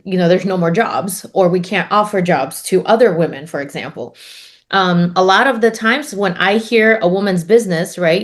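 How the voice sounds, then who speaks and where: A woman co-hosting a casual podcast, thinking aloud and searching for words as she talks. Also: fairly low pitch. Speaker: podcast co-host.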